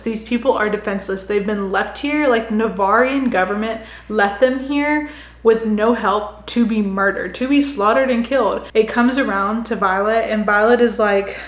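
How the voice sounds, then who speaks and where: A woman's voice: medium pitch, moderate pace. Chatty young woman with a roomy echo. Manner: chatty, constant "like" fillers. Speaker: book recap host. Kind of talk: casual book recap. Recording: echoey room.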